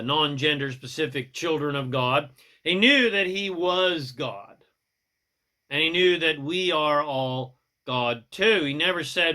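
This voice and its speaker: Casting: middle-aged spiritual teacher, irreverent and profane, slightly high voice. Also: male voice, pushed and bright. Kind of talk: monologue spiritual message.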